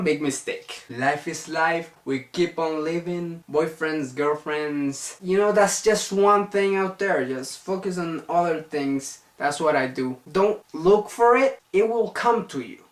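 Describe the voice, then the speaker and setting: A man's voice: fairly high pitch, unhurried. A young man talking casually to the camera as a vlogger, earnest and chatty, rambling from one point to the next. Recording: echoey room.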